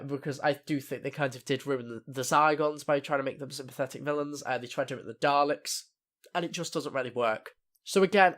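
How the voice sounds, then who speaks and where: A man's voice: a little high, fairly bright tone. A young man giving a casual spoken TV episode review, rambling with many fillers and restarts. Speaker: TV review vlogger.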